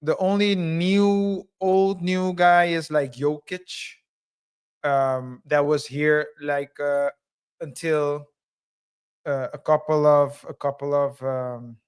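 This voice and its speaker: Podcast cohost guy, clean smooth voice a bit high, rambles with lots of ums. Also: little pitch movement, takes it slowly. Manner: rambling, many fillers, hedging. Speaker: podcast co-host. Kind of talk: casual chat.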